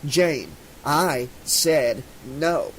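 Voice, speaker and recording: A man's voice: a little high, extremely slow, fairly bright tone, slight background noise, low-quality recording. A man voicing a young Southern American jock, his speech slightly slurred and defensive.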